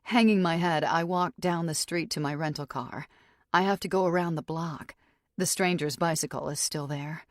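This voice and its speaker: A woman narrating an audiobook in a measured, tense first-person voice. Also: low-pitched, dry recording, clean studio sound. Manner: measured, tense inner monologue.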